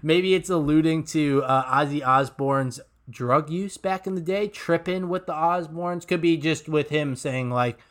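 A man's voice: on the high side, a little slow, hardly any pauses, fairly bright tone. Laughing man chatting about song lyrics. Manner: enthusiastic, laughs often, many ums and restarts. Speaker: podcast co-host. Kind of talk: casual podcast chat breaking down song lyrics.

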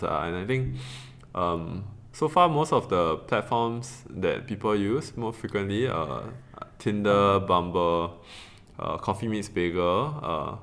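A young Singaporean man with a fairly low voice talks loosely in a podcast chat. He piles on fillers and restarts, and now and then breaks into high laughs. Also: fairly bright tone. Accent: Singaporean English. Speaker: podcast co-host. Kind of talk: casual chat.

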